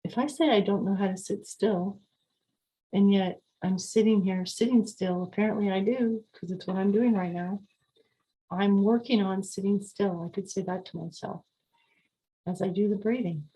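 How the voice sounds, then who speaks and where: Calm, coaching woman podcast host. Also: mid-range voice, moderate pace, low-quality recording. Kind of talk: calm podcast talk on sleep and mindfulness.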